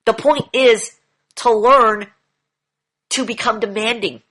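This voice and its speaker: A man's voice: extremely high pitch, fairly even intonation, slow, bright, forceful tone. A man coaching a group in an online session, lecturing bluntly, repeating key phrases and swearing now and then. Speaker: demand training coach.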